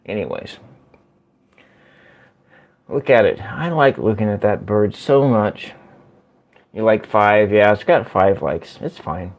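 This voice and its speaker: A man hosting a casual livestream from home, chatting slowly and rambling as he answers viewer comments. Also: lowish voice, animated. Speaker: livestream host. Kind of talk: casual live-stream chat with viewers. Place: at home by a window.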